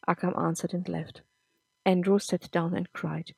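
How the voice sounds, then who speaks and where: Female podcast narrator reading a serial story, steady and plain, dry close mic. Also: on the low side, measured pace, creaky, slightly rough, dry recording.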